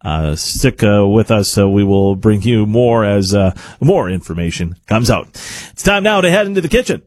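A man's voice: on the low side, big pitch swings, moderate pace. A man hosting a live radio talk show, introducing a cooking segment with an easygoing, filler-heavy ad-lib delivery.

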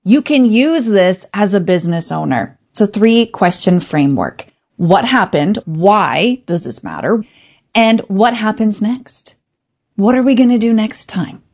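A woman hosting an advice show, talking in a calm, clear, coaching way. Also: mid-range voice, a little slow, muffled recording. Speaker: radio show host. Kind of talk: advice talk show monologue.

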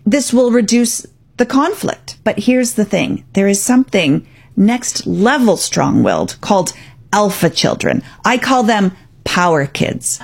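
A woman's voice: mid-range voice, darkish tone. A middle-aged woman, a parenting coach, giving earnest, reassuring advice straight to the listener and acting out what parents and kids say.

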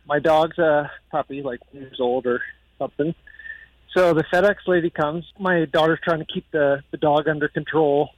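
A man's voice: fairly high pitch, steady tone, moderate pace, dry recording, muffled recording. A middle-aged man calling in to a radio show and telling a story, acting out the quotes as he goes. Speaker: caller. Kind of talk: phone-in storytelling.

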